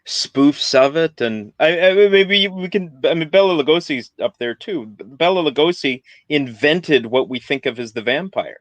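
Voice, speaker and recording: A man talking casually about films as a guest, animated and opinionated, and prone to ranting. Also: on the high side, moderate pace, hardly any pauses, dry recording. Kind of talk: casual film chat.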